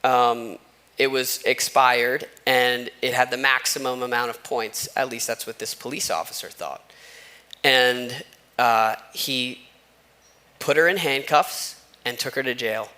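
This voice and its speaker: A church pastor preaches unhurriedly at a medium pitch with a sharp tone, talking conversationally and telling stories with asides. The sermon takes place in a church sanctuary and is picked up by a wireless microphone.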